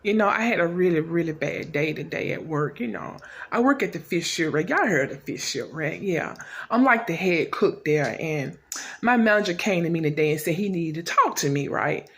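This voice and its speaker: Woman doing a sassy fish-shack cook, chatty, lively pitch, shoots up high when indignant. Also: moderate pace. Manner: animated, chatty, jumps to high indignant squeals when quoting herself. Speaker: character monologue. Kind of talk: comic character monologue to the audience.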